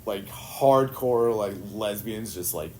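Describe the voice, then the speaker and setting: A man's voice: on the low side, takes it slowly, a little mellow, a little hiss or hum. A man hosting a podcast, laid-back and laughing often while swearing casually. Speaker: podcast host. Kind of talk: casual chat.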